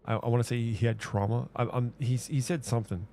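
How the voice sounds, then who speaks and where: A man's voice: mid-range voice, fairly even intonation, fast talker, creaky, mellow, soft background music. A man streaming a game, chatting casually in a rambling, hesitant way with many restarts and fillers. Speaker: gaming streamer. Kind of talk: casual rambling chat while gaming.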